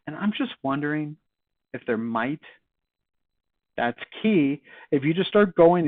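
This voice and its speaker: A man's voice: a little high, lively intonation, unhurried, pauses often, no echo. Male sales trainer, casual and conversational, acts out call lines; tinny narrow-band audio, dry.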